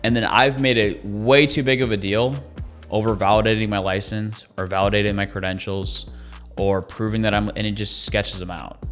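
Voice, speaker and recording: A man's voice: lowish voice, fairly even intonation, normal speed, a bit bright, soft background music. A man giving sales training in an emphatic, conversational way, repeating his key phrases. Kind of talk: coaching talk on sales calls.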